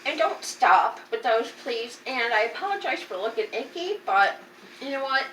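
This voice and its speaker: A woman's voice: a little high, big pitch swings, moderate pace, fairly bright tone. Tired, candid woman in her fifties. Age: 50s. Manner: candid, blunt, emotional. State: tired and unwell. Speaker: vlogger. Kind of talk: casual personal update. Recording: roomy, distant, faint background noise.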